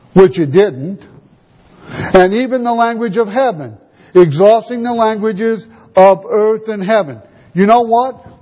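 A man's voice: sits high, darkish tone. A male preacher giving a sermon, teaching with emphatic rhetorical questions and answers. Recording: dull lo-fi recording.

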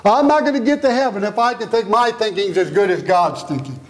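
A man's voice: sits high, a little fast. A middle-aged man preaching a sermon, emphatic and fond of repeated rhetorical questions.

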